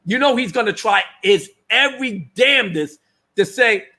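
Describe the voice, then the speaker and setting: A man hosting a livestream, ranting loudly in slangy casual commentary, often laughing and restarting his words. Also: high voice, expressive, moderate pace. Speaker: livestream host.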